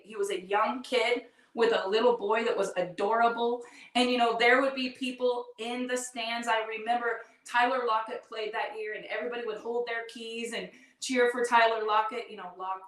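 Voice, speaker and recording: A middle-aged woman with a fairly high voice tells her own story earnestly and from the heart. She talks straight to her listeners as a podcast host. The sound is roomy and echoey, picked up from a distance. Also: fairly bright tone. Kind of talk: personal storytelling to an audience. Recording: echoey room, distant mic.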